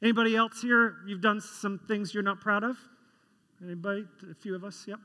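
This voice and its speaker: Man preaching, high voice, conversational storytelling sermon, long hall reverb. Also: fairly even intonation, fairly quick, sharp tone. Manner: conversational storytelling, asks the congregation questions. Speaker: pastor.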